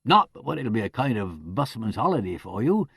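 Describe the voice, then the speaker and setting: A man's voice: a little high, big pitch swings, normal speed, no room sound, studio quality. A man doing a rustic, ponderous country superintendent. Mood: explaining. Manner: broad rural dialect, ponderous and fond of quotations. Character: pedantic rustic country police superintendent, middle-aged man.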